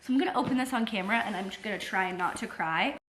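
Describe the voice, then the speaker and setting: Bubbly bright-voiced woman vlogger. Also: mid-range voice, quick pace, soft background music. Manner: chatty and excitable, many "like" fillers, casual swearing. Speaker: book vlogger. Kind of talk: casual vlog chat.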